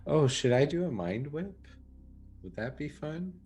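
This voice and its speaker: A man's voice: a little high, big pitch swings, measured pace, darkish tone. Upbeat man at a tabletop game. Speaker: player. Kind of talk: casual chat at a tabletop game. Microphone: video call.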